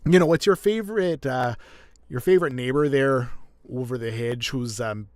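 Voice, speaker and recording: Friendly stereotypical Canadian neighbor voiced by a man, folksy, long vowels, pitched up and louder, dry sound. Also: normal speed, dry recording, close to an everyday voice. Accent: stereotypical Canadian, put on.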